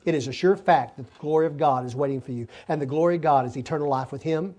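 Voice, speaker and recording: A preacher speaks quickly in a warm, fairly high voice as he teaches a sermon. He explains words to the congregation and repeatedly asks them to help him.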